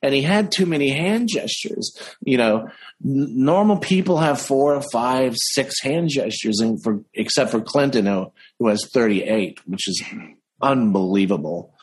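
A man chatting casually as an interview guest, an animated storyteller who slows down for emphasis. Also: medium pitch, slightly rough, rough recording. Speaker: impressionist guest.

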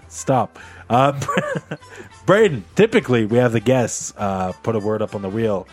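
A man's voice: measured pace, faint music behind. A man hosting a casual group podcast, laughing often as he runs the segments. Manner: laughing often, lively pitch swings. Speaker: podcast host.

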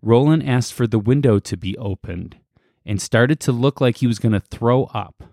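A man's voice: mid-range voice, moderate pace, mellow, no room sound, studio quality. A man co-hosting a podcast, casually recounting a story with fillers and laughs. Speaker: podcast co-host.

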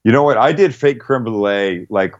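A brash, profane middle-aged man talks through recipes in a loose, storytelling radio chat. His voice sits at an ordinary pitch, and the recording is slightly dull and lo-fi. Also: normal speed. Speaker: cooking show guest.

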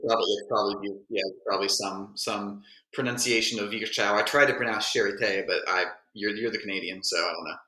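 A man's voice: on the low side, fairly even intonation, fast, hardly any pauses, pushed and bright. An easygoing man, an emergency physician, chatting on a podcast and hesitating at times. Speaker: guest co-host, emergency physician. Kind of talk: casual chat. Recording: roomy echo.

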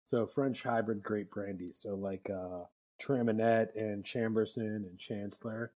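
A man from Pittsburgh with a husky, slightly raspy voice. He co-hosts a casual podcast and talks emphatically and bluntly, often restarting his sentences. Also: on the low side, steady tone, unhurried, dark tone. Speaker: podcast co-host.

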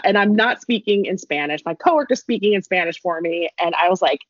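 A young woman tells a long, rambling story in a casual, animated way, full of asides and quick laughs. Her fairly low voice is husky and a bit breathy, and the lo-fi recording sounds dry and slightly muffled.

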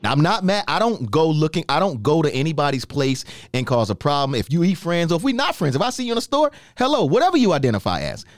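A man from New York hosting a podcast, telling a story in a casual chat with lively, emphatic questions. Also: on the high side, fast, hardly any pauses, no room sound, studio quality. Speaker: podcast host.

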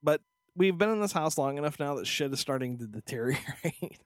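A man hosts a casual podcast, talking with a lively, swooping pitch that sits a bit high. He jokes and teases with crude humor. The sound is dry and close to the mic. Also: brisk, no echo. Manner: joking, crude, teasing. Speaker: podcast co-host. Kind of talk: casual chat.

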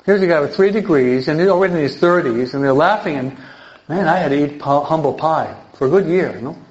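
An older man, a priest teaching an adult catechism class in a lively sermon style, emphatic and often checking in with his listeners. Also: a little high, fast talker. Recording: dull lo-fi recording.

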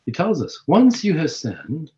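A man hosts a Catholic talk show and reflects on scripture in a preaching style. He keeps asking rhetorical questions, and his voice swings widely in pitch. The recording sounds dull and lo-fi. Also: huge pitch swings, unhurried, dark tone.

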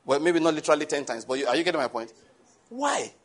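A male preacher, delivering a lively sermon and asking his congregation questions. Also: fairly high pitch, racing. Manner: animated, rises to shouts, asks the congregation questions.

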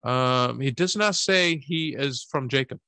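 Man cohosting a faith podcast, bright voice, joking around, dry close mic. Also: medium pitch, unhurried, clean tone, no echo. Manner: joking, playful, mispronounces names. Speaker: podcast co-host. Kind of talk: casual chat.

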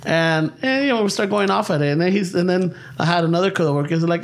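A man, telling profane, animated stories in casual chat and slipping into Spanish. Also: high voice, fast talker, creaky, hardly any pauses.

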